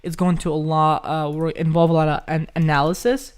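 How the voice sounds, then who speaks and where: A man's voice: on the high side, flat delivery, brisk, clean tone. A young man from Ukraine hosting a casual live stream, chatting loosely as he reads viewers' questions aloud and keeps calling them guys.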